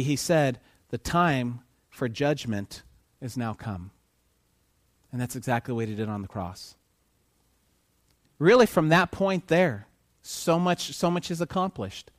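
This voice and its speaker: Guy preaching, swings quiet to loud, asks the crowd stuff, dry sound. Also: medium pitch, no echo. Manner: asks the audience questions and pauses for answers. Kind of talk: sermon.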